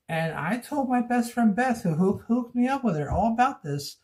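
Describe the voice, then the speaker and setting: Man vlogger with a higher-pitched voice, recording on a phone, emotional and rambling, repeats himself. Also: expressive, normal speed, few pauses, darkish tone. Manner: rambling and repetitive, venting about relationships. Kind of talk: emotional personal vlog.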